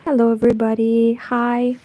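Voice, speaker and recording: A young woman chatting casually in a hushed, partly whispered voice while she crochets, rambling and correcting herself as she goes. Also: a little high, completely flat delivery, moderate pace. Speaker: crochet vlogger.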